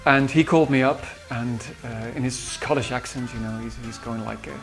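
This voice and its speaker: A man with a Dutch accent, a musician recalling studio sessions in a halting way with many fillers. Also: medium pitch, fairly even intonation, faint music behind. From Netherlands. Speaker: musician and producer. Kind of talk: behind-the-scenes recollection.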